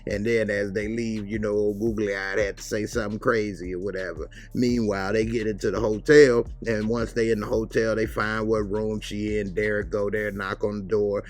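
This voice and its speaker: A man's voice: lowish voice, level tone. A man casually recapping a TV episode, retelling scenes in a loose, conversational way. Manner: loose, conversational retelling with quick acted quotes. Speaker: TV show reviewer.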